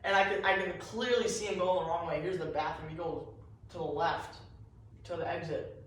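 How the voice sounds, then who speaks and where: A man's voice: a little high, fairly even intonation, normal speed, fairly bright tone. A man telling a rambling comic story in a meandering, confused way. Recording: echoey room, far from mic.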